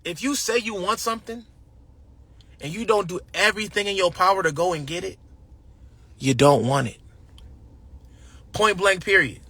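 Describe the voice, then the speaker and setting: A man's voice: high-pitched, normal speed, long pauses, sharp tone, no room sound. A young man giving an emphatic, slangy motivational talk, then chatting casually with a friend. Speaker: host.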